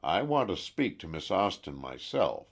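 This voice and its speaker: A gentle, serious older man, voiced by a male narrator who speaks with quiet concern. The voice is husky and unhurried. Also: low-pitched, big pitch swings, exaggerated voice. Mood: kindly. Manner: gentle, grave. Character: kindly grave older man, landlord.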